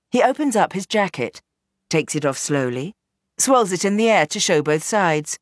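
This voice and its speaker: A woman narrating a novel as an audiobook in an expressive, dramatic reading. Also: on the low side, moderate pace, dry recording, clean studio sound. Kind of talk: scripted narration.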